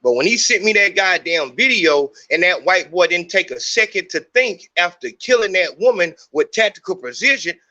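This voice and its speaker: A man's voice: high-pitched, lively intonation, normal speed, few pauses, pushed and bright, dull audio. A middle-aged man hosting a podcast, talking in a heated, profane, rambling monologue. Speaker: podcast host. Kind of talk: unscripted monologue.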